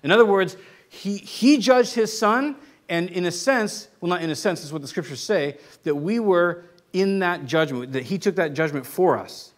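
A man with a notably high voice delivers a conversational sermon. He teaches informally and keeps checking in with the congregation as he explains. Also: normal speed. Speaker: pastor.

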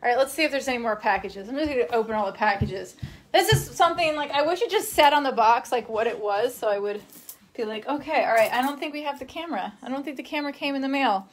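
A woman's voice: sits high, animated, fast talker. A young woman live-streaming in casual chat, rambling along and reading viewer comments aloud.

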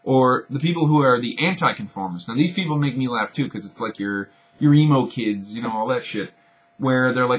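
A man's voice: medium pitch, fairly quick, slightly rough, highs cut off. A young man ranting to the camera in a rambling, profane, sarcastic way. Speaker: video blogger.

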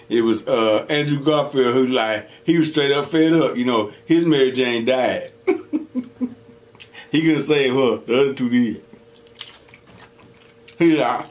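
This young man speaks at medium pitch, unhurried and pausing often, as he eats on camera at home for his mukbang show. He tells stories casually, stays animated, laughs frequently, and mimics what others said.

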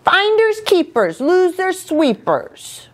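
A woman voicing a stubborn, defensive young fish in a children's storybook reading, high and insistent. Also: big pitch swings, takes it slowly, a little hiss or hum.

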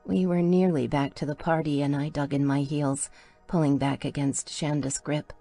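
A woman's voice: low voice, level tone, normal speed, mellow, soft background music. A woman reading a first-person audiobook in an intimate storytelling manner. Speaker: audiobook narrator.

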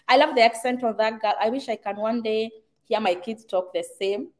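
A woman's voice: a little high, normal speed. A middle-aged woman from Kenya with a Kenyan accent, hosting a casual live stream and reading out viewer comments, chatty, laughing often and slipping into Swahili phrases.

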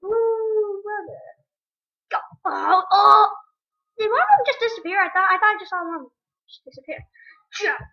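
A woman giving excitable gaming commentary at her computer, talking to the game and her viewers. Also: very high voice, racing, highs cut off. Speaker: let's play gamer. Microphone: webcam or computer mic.

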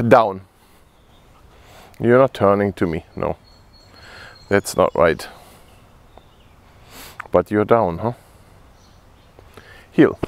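A man filming a casual dog-training vlog outdoors, giving short firm commands between relaxed asides. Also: on the low side, drawn-out words, gravelly, long pauses, slight background noise.

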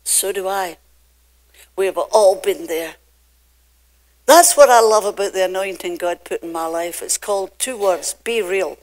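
Slow-preaching older Scottish woman pastor. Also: medium pitch. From Scotland. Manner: emphatic, drawn-out preaching with sudden swings between loud and soft. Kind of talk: sermon. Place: church pulpit.

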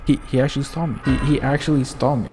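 A man doing gameplay commentary, excitable and laughing often, swearing freely. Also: medium pitch, quick pace, noisy background. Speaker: gaming YouTuber.

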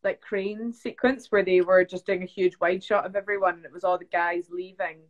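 A woman's voice: lowish voice, little pitch movement, normal speed, highs cut off. Chatty young woman. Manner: chatty storyteller, acts out quotes, laughs often. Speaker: actress guest. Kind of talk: casual live-stream chat. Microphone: phone or webcam on a video call.

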